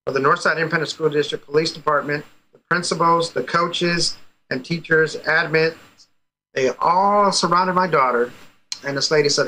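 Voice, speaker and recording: A man's voice: a little high, sharp tone, poor audio. A man, a father being interviewed, telling a story with energy and acting out the quoted dialogue. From United States. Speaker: guest, parent. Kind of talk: casual interview over a call.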